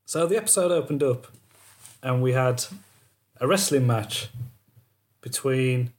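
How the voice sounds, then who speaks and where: A man's voice: medium pitch, a little slow. Man, podcast co-host, loose jokey delivery that wanders off topic. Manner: rambling, jokey, trails off on tangents. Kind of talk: casual chat.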